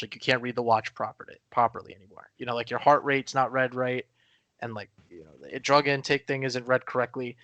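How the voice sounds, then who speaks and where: A man's voice: mid-range voice, bright, forceful tone, no room sound. A man co-hosting a podcast in casual chat, rambling with many fillers and restarts. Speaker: podcast co-host.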